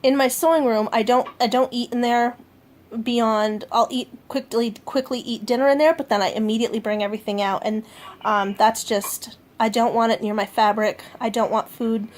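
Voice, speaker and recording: Chatty woman with a fairly high voice. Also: fairly even intonation, moderate pace. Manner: chatty and rambling, with fillers and self-corrections. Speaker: vlogger. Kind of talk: casual food diary vlog. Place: at home.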